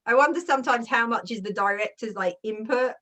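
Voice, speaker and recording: A woman hosting a casual interview over a video call, bubbly and quick to laugh. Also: fairly high pitch, bright, forceful tone. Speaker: interview host.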